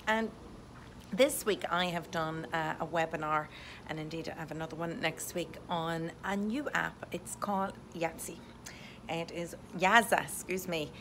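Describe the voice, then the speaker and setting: A woman's voice: low voice, unhurried, fairly bright tone, a little hiss or hum. A woman realtor from Europe giving an upbeat video update from home on a desktop microphone, positive and full of "uh" fillers. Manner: enthusiastic and positive, with many "uh" fillers. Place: indoors at home. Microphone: USB desktop condenser microphone.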